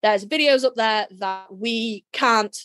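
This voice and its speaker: A woman with a Yorkshire accent co-hosting a casual podcast, blunt and quick to swear, laughing often. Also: on the high side, fairly bright tone, no room sound. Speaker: podcast co-host.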